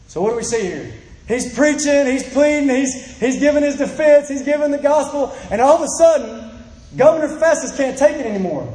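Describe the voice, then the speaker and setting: High-voiced man preaching a sermon. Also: fairly quick, mellow, echoey room, rough recording. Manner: earnest pleading delivery, acts out quoted voices, repeats phrases.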